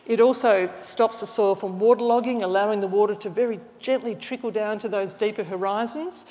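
A woman gives an illustrated public lecture at a middle pitch. She explains with keen enthusiasm and restarts a phrase here and there. Her voice trails a long reverb through a large hall. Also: fairly quick, mellow. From Australia. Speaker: mycologist giving a talk.

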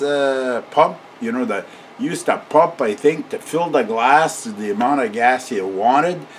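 A man's voice: mid-range voice, a bit bright, slight background noise. An older man telling a casual, rambling story, often chuckling and ending his sentences with a questioning "eh?".

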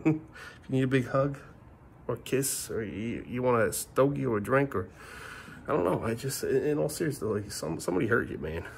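A man's voice: medium pitch, lively intonation, normal speed, vocal fry, a little hiss or hum. A middle-aged man vlogging a frustrated, rambling rant to the camera, repeating himself and swearing, recorded on a phone. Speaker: family vlogger.

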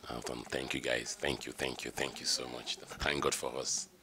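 A man's voice: extremely low pitch, level tone, moderate pace, sharp tone. A middle-aged man, the groom, speaking heartfelt and rambling about his bride in a wedding interview. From Nigeria. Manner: heartfelt, rambling with repeated "you know".

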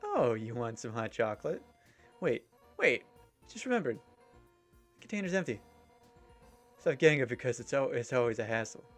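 A man's voice: medium pitch, close to an everyday voice. A man voicing a brash, fierce female fish warrior captain in a video game, with blunt, boastful delivery over faint game music. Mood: blustery. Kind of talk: reading game dialogue aloud.

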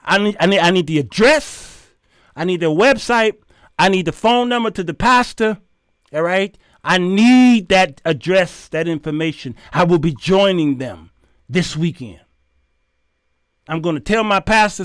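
A man's voice: sits high, a bit bright, no echo, studio quality. A man hosting his show, delivering a heated, preachy commentary rant that scolds his listeners and repeats phrases for emphasis. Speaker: host.

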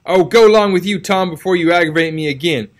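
A man's voice: high voice, fast talker, close to an everyday voice. A man voicing a stern old aunt who scolds her nephew, in a storybook reading. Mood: softened. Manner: exclaiming, reproachful questions.

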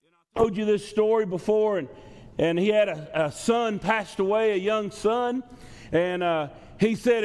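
A man's voice: high-pitched, measured pace, a little mellow, clear, resonant tone. A male pastor preaching a sermon in a church, in a conversational style that repeats phrases for emphasis. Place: church sanctuary. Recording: long reverb from a church hall.

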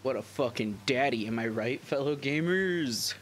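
Jokey swearing gamer guy, lively pitch. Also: moderate pace, a little hiss or hum. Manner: jokey, swears, laughs often. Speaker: gaming streamer. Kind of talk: casual gameplay commentary.

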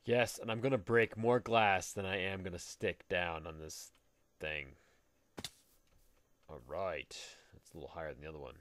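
A man's voice: sits low, no room sound. A man hosting a casual game video, rambling and joking to himself as he builds. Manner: jokey, rambling, talks to himself while building. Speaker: Let's Play host. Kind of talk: casual gameplay commentary. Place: at home.

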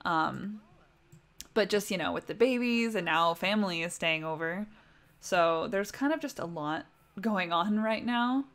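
A young woman hosts a relaxed livestream and chats through her life-sim game as she plays. She talks to her characters as if they could hear her, in a casual, unscripted way. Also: mid-range voice, unhurried. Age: young adult. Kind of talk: casual gameplay commentary.

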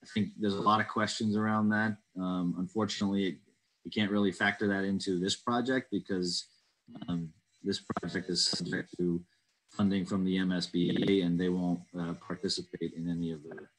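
Hesitant low-voiced man on a video call. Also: flat delivery, moderate pace, rough recording. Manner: hesitant, many ums and uhs, careful answers. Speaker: committee chair reading public questions. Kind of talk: online public meeting Q&A.

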